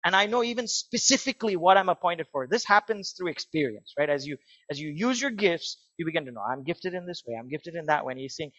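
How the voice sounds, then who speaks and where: A man preaching a sermon in an earnest way that builds to excited emphasis. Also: on the high side, fast, no echo, muffled recording. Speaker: pastor.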